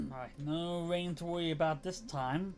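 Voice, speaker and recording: A man talks through his racing management game in a casual, slightly high voice, thinking aloud and often restarting his sentences. Faint game music runs behind him. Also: normal speed. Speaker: game streamer. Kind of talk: casual gameplay commentary.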